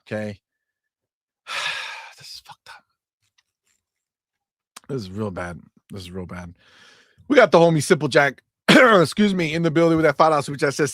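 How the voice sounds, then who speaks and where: A man's voice: fairly high pitch, a bit bright, no echo, clean studio sound. A male livestream host on a podcast, ranting in a profane, exasperated way. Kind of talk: livestream chat.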